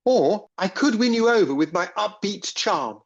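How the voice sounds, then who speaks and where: A man's voice: high voice, animated, moderate pace, muffled recording. A man playing an eager, naive young recruit in an audio comedy, polite and chirpy with old-fashioned turns of phrase. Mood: cheerful.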